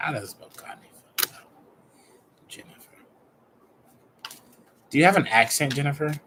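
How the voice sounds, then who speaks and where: A man's voice: on the high side, normal speed, background noise. A man from Chicago giving casual, playful tarot readings to viewers. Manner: chatty, playful, talks to viewers. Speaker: tarot and numerology reader.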